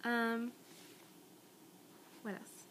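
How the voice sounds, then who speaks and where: A woman's voice: on the high side, flat delivery, drawn-out words, a bit bright, a little hiss or hum. A young woman chatting in a casual video message to friends. She talks in a rambling, giggly, awkward way, recorded on a tablet's built-in mic. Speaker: vlogger.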